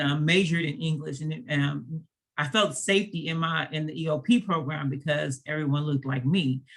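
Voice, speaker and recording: Gravelly-voiced woman from Los Angeles. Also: deep voice. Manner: relaxed, chuckling, with many fillers. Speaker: panelist. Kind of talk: personal story on a panel.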